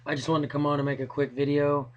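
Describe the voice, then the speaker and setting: A hoarse man talking casually in a rambling, hesitant way as a hockey fan vlogger. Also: a little high, little pitch movement, quick pace, dull audio. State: hoarse from yelling. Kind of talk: casual video blog.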